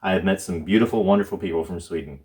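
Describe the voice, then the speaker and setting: A man co-hosting a casual comics chat with his wife, joking and quick with apologetic asides. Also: sits low, darkish tone, slight background noise. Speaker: co-host.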